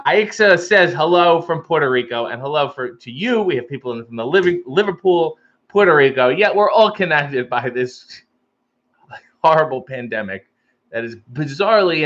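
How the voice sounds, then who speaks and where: Man, live-stream host, casual chat, wry and joking, fairly high voice, muffled lo-fi sound. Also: a bit bright.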